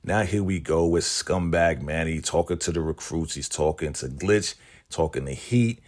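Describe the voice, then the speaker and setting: A man casually recapping a TV episode and quickly putting on the voices of the characters he quotes. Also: rumbling low, darkish tone. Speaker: recap channel host. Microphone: podcast microphone.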